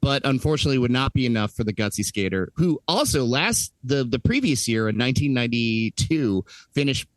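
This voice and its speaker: A man's voice: medium pitch, expressive, fairly quick, few pauses, no room sound, rough recording. A man co-hosting a casual movie podcast, rambling with many fillers and frequent laughs. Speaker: podcast co-host.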